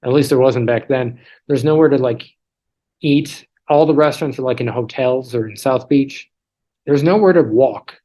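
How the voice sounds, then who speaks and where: Chatting over a video call, a guest in his 30s tells easygoing stories full of self-deprecating jokes, restarts and asides. His mid-range voice is mellow and moves at a normal speed, and the audio is poor.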